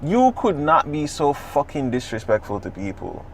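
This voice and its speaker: A man, co-hosting a podcast in casual chat, talking in an animated, profane, rambling way. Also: fairly high pitch, normal speed, vocal fry, slight background noise. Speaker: podcast co-host.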